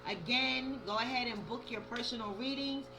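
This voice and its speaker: A woman's voice: a little high, moderate pace, over music, low-quality recording. A woman giving a casual monthly tarot reading to her viewers, chatty and direct, calling them y'all and reading the card texts aloud. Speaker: tarot reader and spiritual coach. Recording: faint outdoor yard noise behind.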